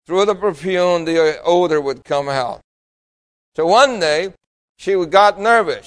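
A pastor from New York City preaching a sermon, emphatic and full of rhetorical questions to the congregation. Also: male voice, a little high, poor audio.

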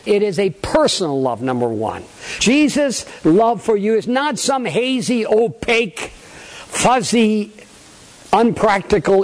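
An older male pastor delivering a sermon to his congregation. His voice sits high and swings widely in pitch as he tells animated stories and counts off his points. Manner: animated storytelling, laughs at own anecdotes.

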